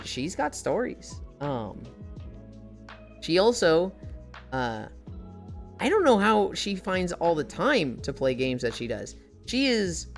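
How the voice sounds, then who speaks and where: Low-pitched, animated woman streamer. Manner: animated storytelling, swearing and laughing often. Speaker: live streamer. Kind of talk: casual live-stream chat.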